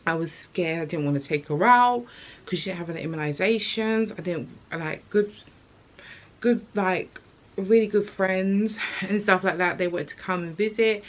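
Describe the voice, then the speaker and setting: A woman's voice: medium pitch, moderate pace. A young woman, talking candidly in her vlog about motherhood in a chatty, emotional way. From England. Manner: open, chatty, emotional storytelling with slang. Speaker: vlogger. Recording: faint background noise.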